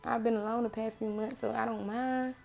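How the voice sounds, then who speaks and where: Gravelly woman giving earnest faith talk. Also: a little high, flat delivery, a little fast, darkish tone, soft background music. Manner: earnest, impassioned, repeats phrases for emphasis.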